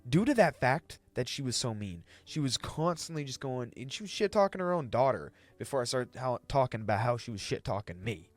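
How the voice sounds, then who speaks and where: A young man spins a casual story from his cashier days, cursing freely. His voice sits in a middle range but leaps upward when he vents. Soft music plays faintly underneath. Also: big pitch swings, fairly quick, hardly any pauses. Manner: ranting, swings high when exasperated, profane. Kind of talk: casual retail story time.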